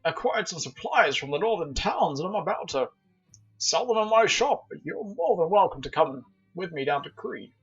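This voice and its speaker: The game master voicing a portly, jovial male merchant who greets travelers heartily, raised and bright over slightly dull audio. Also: medium pitch, very animated, moderate pace, slightly rough, soft background music, voice pushed up. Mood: hearty.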